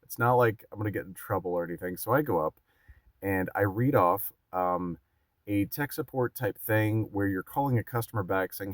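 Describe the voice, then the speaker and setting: A man's voice: on the low side, normal speed, dry recording. A man vlogging casually, telling a rambling story full of fillers and restarts.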